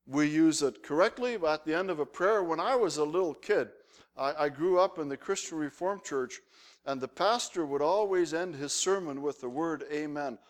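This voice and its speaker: A male pastor preaching to his congregation with a slightly raised pitch. He tells stories in an animated, humorous way and keeps the sermon conversational. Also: moderate pace. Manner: animated anecdotal storytelling with humor.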